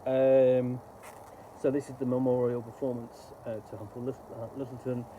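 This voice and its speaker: A middle-aged man giving casual, rambling, halting commentary while unboxing a book. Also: medium pitch, level tone, muffled recording, noisy background.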